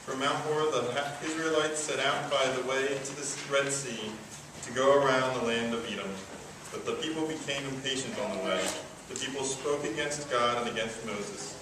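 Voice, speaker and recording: A man reading a scripture passage aloud in a steady, measured way. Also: mid-range voice, far from the mic. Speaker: scripture reader. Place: large echoey church sanctuary. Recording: echoey church recording from afar with hiss.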